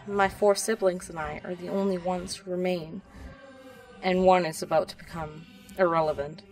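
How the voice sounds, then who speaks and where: A woman's voice: on the low side, little pitch movement, normal speed, darkish tone, far from the mic, soft background music, close to an everyday voice, poor audio. A woman reading a proud, guarded elven princess.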